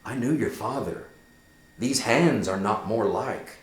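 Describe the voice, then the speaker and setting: A loyal, earnest young friend, read by a male teacher. He speaks in a halting, careful manner, a little higher than the reader's own low voice, and the pitch moves a lot. The recording sounds roomy. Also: lively intonation. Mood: solemn report. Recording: echoey room.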